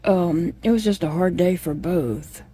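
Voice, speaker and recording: A woman chats with her viewers as she crochets at home, wandering easily from one thought to the next. Her voice sits on the low side, with a mellow, unhurried tone. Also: slight background noise. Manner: rambling, chatty, talks to viewers. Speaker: vlogger. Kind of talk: casual chat while crocheting.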